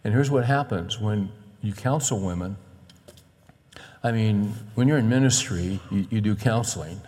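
A middle-aged male pastor preaching a sermon in an animated way, acting out the voices he quotes. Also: fairly low pitch, normal speed. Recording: long reverb of a large hall.

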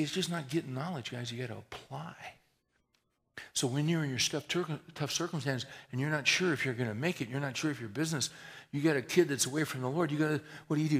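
Gravelly man preaching a folksy sermon. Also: medium pitch, a little fast. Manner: folksy, conversational preaching with emphatic swells and hushed prayers. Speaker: pastor.

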